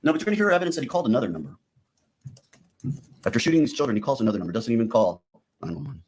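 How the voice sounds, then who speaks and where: A prosecutor addresses a jury in a courtroom, a man of ordinary pitch laying out the evidence piece by piece. He keeps turning back to the jurors, telling them what they are going to see and hear, in a steady, methodical delivery. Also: very fast, slight background noise. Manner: addresses the jury directly, repeating "you're gonna". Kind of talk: courtroom opening statement.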